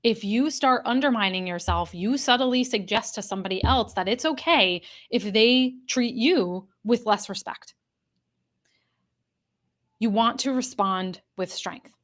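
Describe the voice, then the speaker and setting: A woman's voice: a little high, a little slow, fairly bright tone. Earnest woman coaching a live online class. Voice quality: addresses a live chat audience directly. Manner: earnest, repeats key points for emphasis. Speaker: executive coach. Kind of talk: live online workshop talk.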